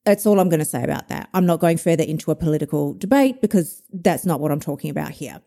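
A woman's voice: deep voice, lively intonation, fast, vocal fry, mellow. A woman hosting a podcast as an emotional eating coach, giving a blunt, profane, fired-up tough-love pep talk. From Australia. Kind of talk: motivational podcast monologue.

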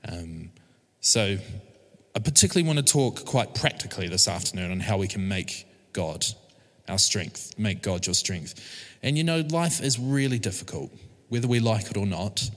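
A church team member preaches an informal sermon in a church service room, his lowish voice very animated at a moderate pace. He sounds casual and hesitant, full of fillers and restarts, and the recording carries the long reverb of a church hall.

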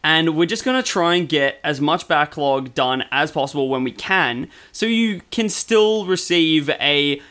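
A man's voice: a little high, expressive, unhurried, few pauses, bright, forceful tone. Upbeat man hosting a podcast. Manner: upbeat, encouraging, addresses listeners. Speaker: podcast co-host. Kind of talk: casual chat.

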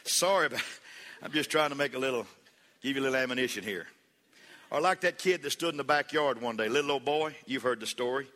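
In an echoey church hall, a pastor preaches with a quick, bright, forceful voice of medium pitch. He builds to fervent peaks, calls on the congregation to answer back, and mixes in folksy jokes and stories.

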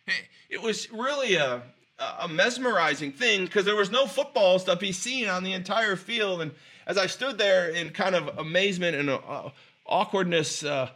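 A man's voice: high-pitched, moderate pace, bright, forceful tone. A man telling stories in an inspirational speech, emphatic and drawing out key phrases, with frequent restarts. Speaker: motivational speaker.

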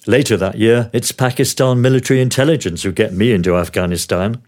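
A man's voice: on the low side, a little fast, darkish tone. Older man narrating with wry dry humor. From Australia. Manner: wry, dryly humorous storytelling. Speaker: former TV news producer. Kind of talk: memoir read aloud as narration.

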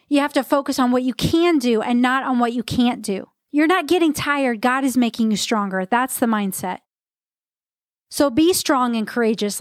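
A woman's voice: a little high, no echo, clean studio sound. Earnest, encouraging woman with a raised voice. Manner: earnest, encouraging, reads scripture aloud. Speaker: podcast host and faith-based fitness coach. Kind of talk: motivational devotional podcast talk.

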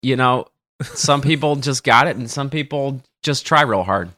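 A man joking around on a podcast, teasing himself with mock boasts. His voice is bright and forceful, at a middle pitch. The sound is dry and close. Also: normal speed, no echo. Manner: joking, self-mocking boasts. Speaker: caddie podcast co-host. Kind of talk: casual chat.

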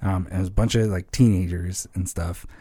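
A man talking casually on a church podcast, explaining how songs are written, lively and full of examples. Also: deep voice, a little fast, husky, dry recording, studio quality. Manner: animated, explains with examples and rhythms. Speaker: church songwriting guest.

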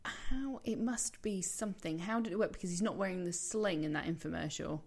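A woman's voice: on the low side, brisk, gravelly, a little mellow, slightly rough. A woman co-hosting a casual podcast, chatting and laughing as she recaps a sitcom episode and acts out lines from it. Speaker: podcast co-host.

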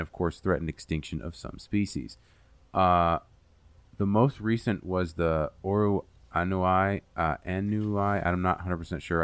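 A man's voice: deep voice, clear, resonant tone, no room sound. A man hosting a casual podcast, explaining a science topic in a rambling, self-deprecating way with lots of fillers and swearing. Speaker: podcast host presenting the topic.

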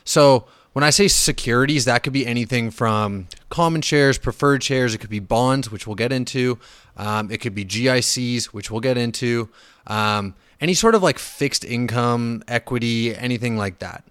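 The speaker is a male solo finance podcast host with a smooth, mid-range voice at normal speed, recorded dry. His casual delivery is a blunt, profane rant full of fillers and restarts, turning animated when he gets riled.

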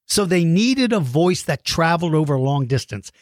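A man's voice: a little high, animated, moderate pace, no room sound, clean studio sound. A man hosting a question show, explaining in a playful, teacherly way for young viewers on his own microphone. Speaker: host answering viewer questions about dinosaurs. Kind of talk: lively kid-friendly explaining.

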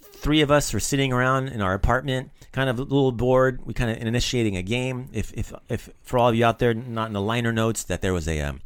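A man hosting a podcast, explaining phrases in a casual chat and repeating them slowly. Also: mid-range voice, smooth, no echo. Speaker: podcast host. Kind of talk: casual language-lesson chat.

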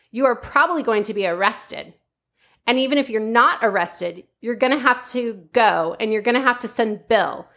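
A woman's voice: a little high, a bit bright. A woman putting on a Valley Girl young woman. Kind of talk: reading a transcript aloud in a put-on voice.

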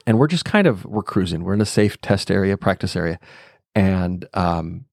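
Low-voiced man musing aloud. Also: animated, normal speed, vocal fry, a little mellow, no echo, studio quality. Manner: unscripted, thinking aloud with fillers and chuckles. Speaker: podcast host. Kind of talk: reflective storytelling monologue.

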